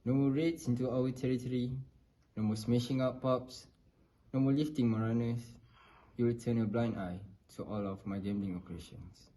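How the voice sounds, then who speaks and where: A man doing a menacing boss issuing demands, dark mellow tone. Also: medium pitch, steady tone, moderate pace, a little hiss or hum, natural voice, rough recording. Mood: threatening. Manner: dictating demands, firm. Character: menacing male rival boss.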